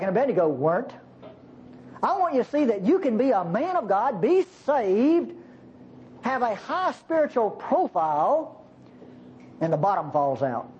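Animated preacher, sermon with playful asides, swooping pitch, dull recording with faint hiss. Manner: animated, jokey asides to the congregation.

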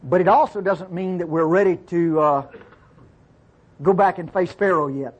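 A man teaching from the Bible in a relaxed, conversational way. He reads verses aloud, explains them, and keeps checking in with his listeners. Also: high-pitched, moderate pace, husky, muffled recording.

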